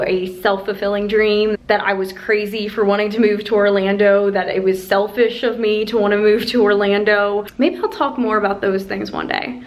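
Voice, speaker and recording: A young woman from Pennsylvania talking in a casual, heartfelt vlog, chatty and sentimental, with many "like" fillers. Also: medium pitch. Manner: chatty, sentimental, often says "like". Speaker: vlogger. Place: empty apartment, indoors.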